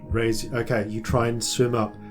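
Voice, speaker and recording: A man's voice: mid-range voice, little pitch movement, normal speed, soft background music. A man narrating as game master of a tabletop game, hesitant and full of fillers. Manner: hesitant, many fillers and restarts.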